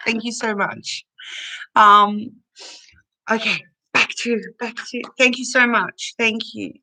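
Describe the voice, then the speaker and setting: A woman hosting a casual home livestream reads out chat comments and warmly thanks her viewers, speaking slowly into a computer mic. Her slightly high voice is bright and clear, though the recording is rough. She's chatty and takes her time, at times emotional and close to tears.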